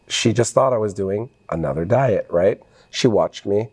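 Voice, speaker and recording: A middle-aged man speaks as a guest on a podcast in a low, mellow voice. He talks earnestly, with feeling, in a relaxed interview. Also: moderate pace, breathy edge. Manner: earnest, emotional when talking about his son. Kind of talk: casual interview conversation.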